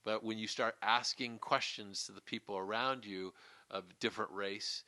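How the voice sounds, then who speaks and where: Man, podcast host, reflective casual chat, bright tone, dry recording. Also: lowish voice, steady tone, moderate pace, no echo.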